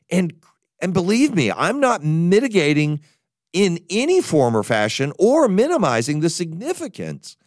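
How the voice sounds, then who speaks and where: Male pastor, expository sermon delivery, animated pitch, dry close recording. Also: no echo. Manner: expository, emphatic, pleading when quoting scripture.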